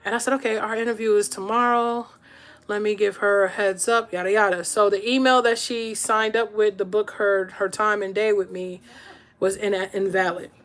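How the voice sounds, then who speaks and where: A woman's voice: medium pitch, fairly even intonation, moderate pace, a bit bright. A woman in her thirties telling a story to camera in a casual, chatty way, checking in with her viewers as she goes. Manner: chatty, keeps checking in with "all right?" and "right?". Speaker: podcast host telling a story.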